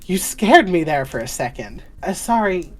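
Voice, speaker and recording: A woman's voice: lowish voice, very animated, moderate pace, pitched above the performer's own voice. A woman voicing a chatty, fussing female guild receptionist who calls everyone doll and sweetie. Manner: fussy and doting, calls people doll, sweetie and babe.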